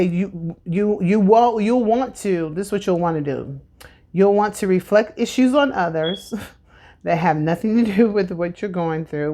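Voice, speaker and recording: A woman with a somewhat low voice gives a casual spiritual tarot reading to her camera at home. She talks in a chatty, encouraging way, full of "like" and "you know". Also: a little mellow. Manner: chatty and encouraging, many fillers. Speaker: tarot reader. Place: at home with incense burning.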